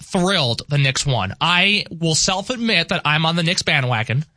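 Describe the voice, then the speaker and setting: A man's voice: on the high side, animated, normal speed, pushed and bright, dry recording, clean studio sound. A man with a New York accent, talking animatedly and emphatically as a guest on a radio show. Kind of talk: casual radio chat.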